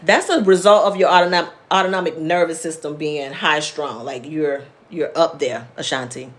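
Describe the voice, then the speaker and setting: Her voice is low-pitched and steady, moving at a moderate pace. She's a therapist hosting a live-streamed wellness class, explaining things conversationally and responding to viewers by name.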